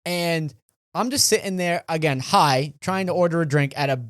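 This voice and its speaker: A man's voice: fairly high pitch, moderate pace, clear, resonant tone, no room sound, clean studio sound. A young man co-hosting a podcast, casually telling a story and acting out other people's lines. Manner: animated, acts out quoted voices. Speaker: podcast co-host.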